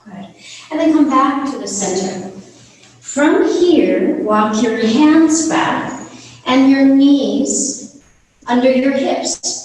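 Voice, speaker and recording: Slow, calm yoga teacher, roomy and distant. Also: female voice, sits high. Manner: slow, calm, soothing cues. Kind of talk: guided yoga class instruction. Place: home studio on a live video call. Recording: roomy echo from far off the mic.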